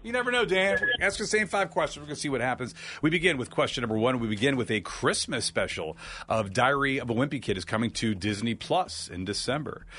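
Lively male radio host running a quiz. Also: mid-range voice, a little hiss or hum. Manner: animated, reads questions briskly and jokes between them. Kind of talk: radio morning show trivia quiz. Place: radio studio. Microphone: studio mic.

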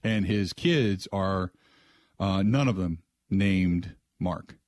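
A middle-aged man with a fairly low voice hosts a talk radio show from a studio. He rambles through the story casually and restarts often. His voice sounds close and dry, with no room around it. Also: takes it slowly, no echo. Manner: rambling, restarts, animated when quoting others.

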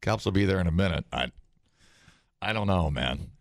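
A man co-hosting a podcast, chatting casually in a rambling, halting, self-mocking way. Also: low-pitched, expressive, creaky, dry recording, clean studio sound. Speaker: podcast co-host. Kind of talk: casual chat.

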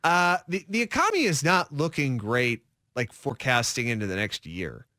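A man's voice: mid-range voice, normal speed, dry recording, studio quality. A man co-hosting a sports radio show, talking in casual, rambling sentences full of fillers. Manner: animated, rambling with many fillers.

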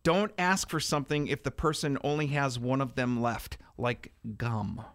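Co-hosting a laid-back podcast, a middle-aged man hams up a mock-grumpy act, cracking jokes as his voice swings widely in pitch. He keeps a moderate pace, recorded with no echo.

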